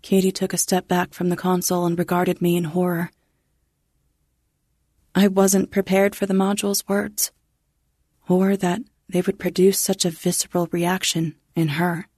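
A woman narrating a first-person science fiction story in a measured, restrained way. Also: fairly low pitch, level tone, warm tone, husky, no room sound, clean studio sound.

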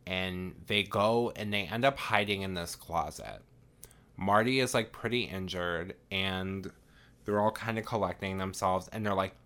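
A man's voice: fairly low pitch, measured pace, bright, forceful tone. A man hosting a podcast, retelling a film in a casual, profane chat full of "like" and "um". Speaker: podcast host.

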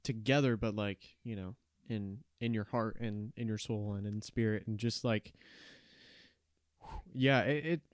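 A man's voice: lowish voice, unhurried, no room sound, studio quality. A man co-hosting a podcast, talking in a reflective, agreeing way. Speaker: podcast co-host. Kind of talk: casual chat.

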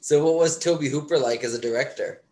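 A man's voice: a little high, fairly quick, darkish tone. A man interviewing a guest, asking short questions and giving brief, encouraging replies. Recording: roomy echo.

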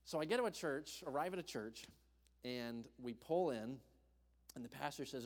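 A young man preaching, telling a personal story in an animated way and acting out the voices of the people in it. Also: medium pitch, normal speed. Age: young adult. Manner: animated, acts out voices in his stories. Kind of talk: storytelling sermon. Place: church hall. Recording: long hall reverb.

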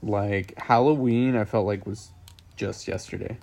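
A man co-hosting a podcast in casual chat, rambling in a relaxed way and laughing easily. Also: on the low side, measured pace, gravelly. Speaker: podcast co-host.

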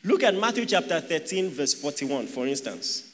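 A man's voice: a little high, very animated, moderate pace, fairly bright tone. A man preaching a sermon, asking the congregation rhetorical questions and joking with them. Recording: long hall reverb.

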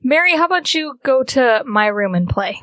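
Anxious young woman, played by a woman, hesitant, placating, slightly high voice, dry sound. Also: sing-song, moderate pace, a bit bright, dry recording.

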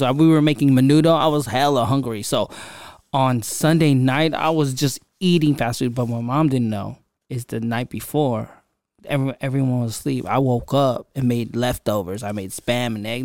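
A man's voice: mid-range voice, a little mellow, no room sound, clean studio sound. A young man hosting a podcast, telling a personal story in a casual, conversational way with lots of fillers and asides. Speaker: podcast host.

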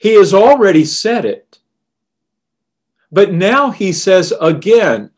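Guy preaching a sermon, slow and earnest, kinda higher voice, softens on the quotes. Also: very animated.

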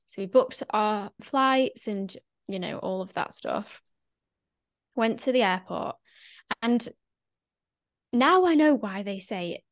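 A woman's voice: mid-range voice, takes it slowly, long pauses, dry recording, studio quality. A woman chatting casually on a podcast, telling a travel story and acting out the people in it. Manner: animated storyteller, acts out quoted voices. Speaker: podcast guest. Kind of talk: casual chat.

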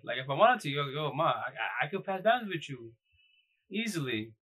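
Dude on a live stream giving blunt advice, slangy, bright sharp tone. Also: male voice, a little high, very animated, a little fast, husky, poor audio. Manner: blunt, slangy, loose and repetitive. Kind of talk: casual live-stream chat. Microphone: phone or computer mic on a live stream.

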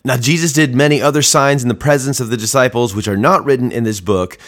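A man's voice: medium pitch, fast. A man hosting a daily Bible reading, reading scripture aloud with commentary and raising his voice for quoted speech.

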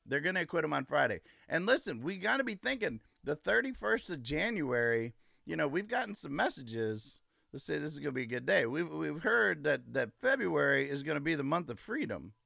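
A man hosts a casual livestream rant, emphatic and gloating, hammering his lines again and again. His voice sits a bit high and bright with a gravelly fry. The sound is dry and close. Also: big pitch swings, a little fast, dry recording. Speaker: livestream host.

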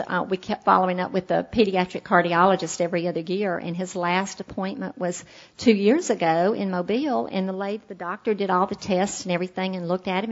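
A woman's voice: mid-range voice, highs cut off. A middle-aged woman, earnestly telling a heartfelt personal recovery story at a meeting. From Alabama, USA. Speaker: speaker sharing her recovery story.

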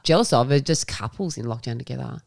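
A woman's voice: a bass voice, fast talker, vocal fry. A woman, co-hosting a podcast in frank, sweary casual chat. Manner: frank and sweary, animated storytelling. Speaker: podcast co-host.

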